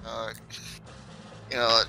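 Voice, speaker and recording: Brief: laid-back male game master, loose rambling narration, bright voice, on a voice call. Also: on the low side, monotone, drawn-out words, faint music behind, rough recording. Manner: rambling, loose, many fillers. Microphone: online voice call.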